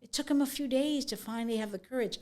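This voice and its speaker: A middle-aged woman author telling stories from her life in an interview, frank and animated, often acting out what people said. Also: fairly high pitch, fast. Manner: frank, animated storyteller, acts out quotes. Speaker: author and guest. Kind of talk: conversational interview.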